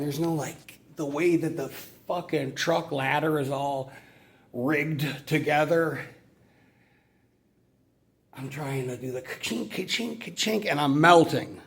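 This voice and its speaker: A man vlogging casually about his exterminator job, rambling and swearing, filling every pause with "you know", overheated and sweaty from the heat. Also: on the high side, fairly even intonation, creaky, crowd noise. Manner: rambling, profane, says "you know" constantly.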